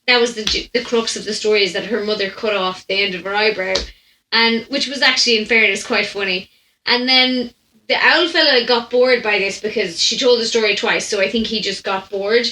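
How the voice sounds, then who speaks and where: A young Irish woman tells a story in a bright, slightly high voice, animated and quick to laugh, often cutting herself off mid-sentence. Her voice rings in a roomy space with noticeable echo. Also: a little hiss or hum. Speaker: podcast host. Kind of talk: storytime anecdote chat.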